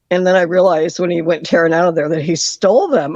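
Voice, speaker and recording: A caller on a call-in show tells a story in a lively way, acting out the lines of the people in it. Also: mid-range voice, quick pace, few pauses, no echo. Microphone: phone call. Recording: dull dry phone line.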